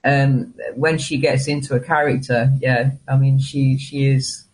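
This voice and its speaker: A man's voice: medium pitch, little pitch movement, a little slow, a little mellow, low-quality recording. A man, a guest chatting casually and animatedly on a live stream, often restarting his sentences. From England.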